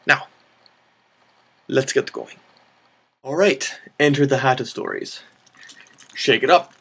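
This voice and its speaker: A man spins a silly improvised story as the host of a storytelling video. His voice carries a gravelly fry. He talks in a playful made-up accent that mixes several accents, and he wanders into joking asides about himself. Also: medium pitch, takes it slowly, a bit bright. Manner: rambling, self-mocking asides.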